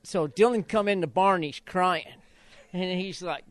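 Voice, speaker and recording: With a high voice at normal speed and no echo, a retired Idaho jockey and father of jockeys reminisces in a relaxed interview. He's an animated storyteller, performing quotes with bursts of laughter.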